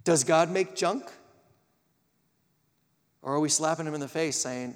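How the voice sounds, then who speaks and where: Animated high-voiced male preacher, hall reverb. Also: measured pace. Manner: animated, acts out quoted voices. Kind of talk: sermon.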